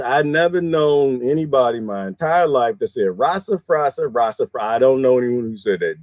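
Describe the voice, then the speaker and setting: A man's voice: a little high, sing-song, normal speed, darkish tone, no room sound. A middle-aged man with a Southern US accent, chatting casually on a livestream and laughing often as he reads lists aloud. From American South. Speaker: livestream host.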